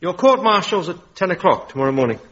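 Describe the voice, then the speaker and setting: An actor playing a polite, fussy and sly army captain. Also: male voice, high voice, lively intonation, fast talker, fairly bright tone, muffled recording. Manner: mannered, pointed.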